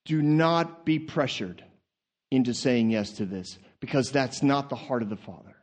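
A man voicing an overjoyed male angel messenger who shouts and whoops his news. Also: mid-range voice, moderate pace, pitched below the performer's own voice, lightly acted. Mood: earnest reassuring.

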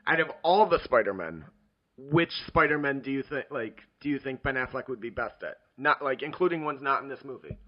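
A man's voice: mid-range voice, expressive, fairly quick, lo-fi sound. A man co-hosting a podcast, rambling casually with lots of fillers and fumbling, bothered by hiccups. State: hiccups and burping. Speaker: podcast co-host.

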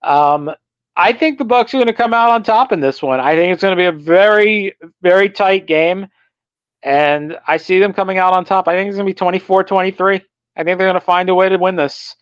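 Blunt, higher-voiced male podcast co-host. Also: brisk, clean tone, dry recording, muffled recording. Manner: blunt, opinionated, laughs while ranting. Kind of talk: casual sports chat.

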